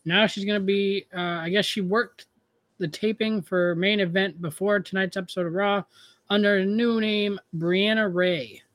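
A man with a high voice, chatting casually as a podcast co-host. He talks loosely and laughs a lot, and his voice comes over a remote call. The sound is dry and close, with no room. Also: normal speed, dry recording. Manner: relaxed, laughs often, trails off with fillers. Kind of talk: casual chat.

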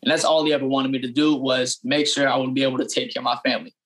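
Young guy telling his story real fast, lots of "like" and "you know", earnest. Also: medium pitch, little pitch movement, fairly bright tone. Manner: earnest, full of fillers and restarts. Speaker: barber. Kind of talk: casual storytelling interview answer.

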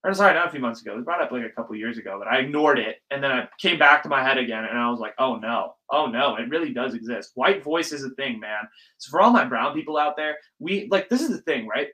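A young man hosting a casual solo podcast, talking in an animated, ranting way and swearing freely. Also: medium pitch, fast, low-quality recording. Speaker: podcast host.

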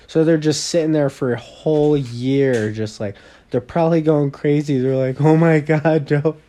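A young man trades jokes on a casual podcast, loose and profane, dropping "bro" and "dude" freely. His voice sits at an ordinary pitch with a dark, mellow tone. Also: normal speed. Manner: profane, joking, bro slang. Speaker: podcast co-host. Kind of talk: casual chat.

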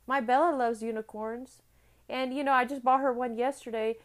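Earnest woman with a slightly high voice. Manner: earnest, repeats phrases for emphasis, asks "right?" often. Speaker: motivational speaker. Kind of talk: motivational talk.

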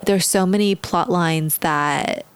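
A woman co-hosts a casual podcast in a fairly low voice. She talks in a chatty, hesitant way, full of fillers and easy laughter. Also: takes it slowly, smooth, no echo. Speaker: podcast co-host.

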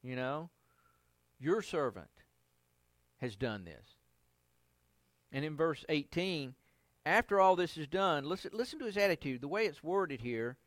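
A male pastor giving a conversational Bible study sermon, acting out the quotes he reads with lively inflections. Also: a little high, normal speed, no echo.

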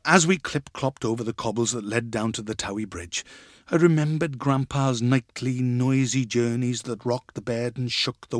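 A man reads a story aloud with expression, slipping into the voices of its characters. His pitch sits in the middle range. The recording is dry and close. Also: dry recording. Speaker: reader. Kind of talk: dramatic reading of a story.

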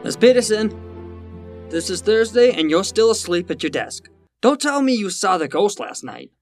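An actor playing an exasperated, sarcastic boss in a 1940s radio sitcom, with a blustering delivery. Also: male voice, sits high, very animated, normal speed, soft background music. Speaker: law office boss.

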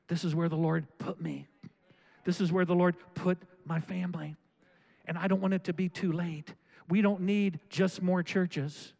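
A man's voice: sits high, creaky, a little mellow. A man preaching a sermon as pastor, pleading in repetitive prayer and urging his congregation with calls of "come on". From Florida.

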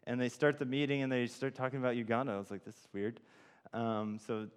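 A man preaches casually, rambling through a story full of ums and restarts. His voice sounds smooth and resonant, carried on a long hall reverb. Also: medium pitch, fairly even intonation, fast. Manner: rambling, many fillers and restarts. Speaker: church speaker. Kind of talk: informal sermon with personal story.

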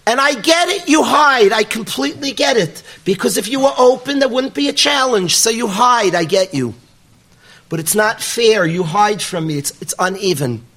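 A man's voice: sits high, expressive, moderate pace, fairly bright tone, voice pushed up, heavily acted. A man voicing a young male student who cries out to God, pleading in a raised, emotional voice. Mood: anguished.

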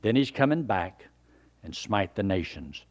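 Slightly slow and very animated, an older man with a fairly low voice preaches a sermon that includes his own conversion testimony. His earnest, folksy delivery swings from loud emphasis to hushed near-whispers.

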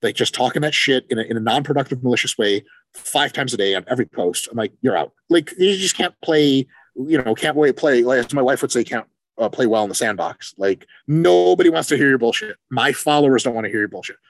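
A man co-hosting a casual podcast chat, animated and profane, acting out quoted exchanges as he talks. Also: mid-range voice, fast talker, dry recording. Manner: animated, swears freely, acts out quoted exchanges. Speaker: podcast co-host, coach.

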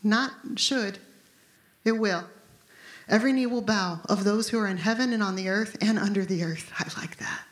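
A woman's voice: mid-range voice, normal speed. A woman in her fifties preaching a conversational, emphatic sermon as pastor. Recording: echoey room.

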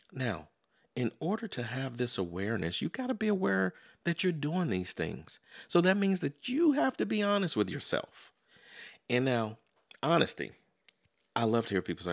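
A man's voice: on the low side, creaky. A man hosting a podcast, giving a conversational motivational self-help talk that keeps circling back with "so in other words" and "you know". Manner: acts out everyday quotes in lively voices. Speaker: podcast host.

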